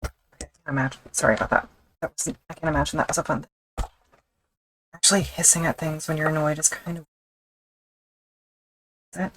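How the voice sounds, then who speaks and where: A woman with a notably low voice gives an offhand, self-mocking commentary as she stitches leather. She murmurs half to herself between remarks, with a faint hiss of noise underneath. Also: steady tone, a little fast, long pauses, fairly bright tone, rough recording. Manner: wry, mutters to herself as she works. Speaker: leatherworker streaming her craft. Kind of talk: casual running commentary while working.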